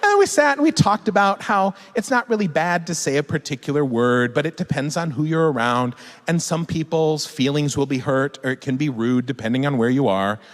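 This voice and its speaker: A man, an author and guest speaker, telling a funny story to a live audience in a large hall, lively and laughing as he swears. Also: a little high, fairly quick. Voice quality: animated, lively delivery with frequent laughs and swearing.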